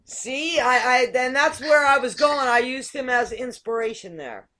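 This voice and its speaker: A woman's voice: sits high, moderate pace, bright, forceful tone. A woman hosting a casual game-show chat over a video call, playful and teasing. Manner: playful, teasing, laughing often. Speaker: talk show host.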